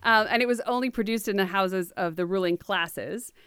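An American woman hosting a podcast, telling facts in a casual, jokey way with quick asides. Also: medium pitch, clean tone, no room sound, clean studio sound. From United States. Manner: animated, jokey storytelling with asides. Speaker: podcast host.

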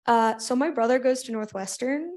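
A young woman from Washington, D.C. asks a question from the audience in a fairly high voice. She sounds hesitant and casual, with frequent fillers. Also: normal speed, a little mellow. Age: teens. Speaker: audience member asking a question.

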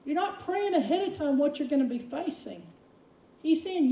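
A woman preaching a sermon, animated, acting out quotes with big swings of voice. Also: sits high, normal speed, roomy sound, recorded from a distance, rough recording. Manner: animated, dramatic quoting with voice swings.

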